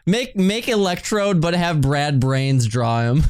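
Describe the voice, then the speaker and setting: A man streaming video games and chatting casually, excitable, laughing often and swearing as he reacts. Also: on the high side, smooth. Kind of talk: casual livestream chat.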